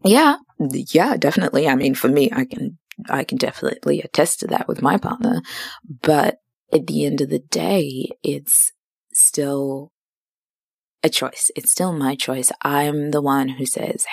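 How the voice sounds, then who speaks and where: Low, creaky-voiced young woman musing. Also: unhurried, dry recording, clean studio sound. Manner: chatty, self-dramatizing storyteller. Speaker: podcast host. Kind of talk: casual personal monologue.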